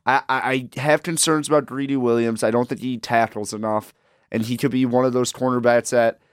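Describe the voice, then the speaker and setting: A man's voice: medium pitch, steady tone, fairly quick, smooth, dry recording. Rambling young man on a dry mic. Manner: rambling, repeats words, hedges with "like". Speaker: co-host. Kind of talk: casual sports chat.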